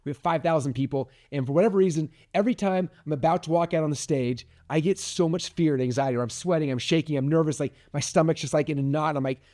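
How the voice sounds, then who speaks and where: A man in his forties giving an energetic, chatty motivational talk as a podcast host, full of "like" fillers. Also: a little high, quick pace, few pauses.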